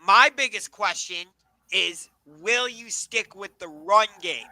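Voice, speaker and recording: Bright, high-voiced man with many ums. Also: slow pace, low-quality recording. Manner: hesitant, many ums, questioning. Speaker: podcast co-host. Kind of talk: casual sports podcast chat.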